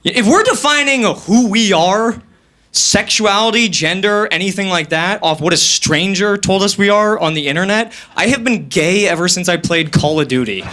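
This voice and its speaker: A man's voice: high-pitched, animated, normal speed, bright, forceful tone. A young man in his twenties doing stand-up comedy on stage before a live audience, rambling and profane.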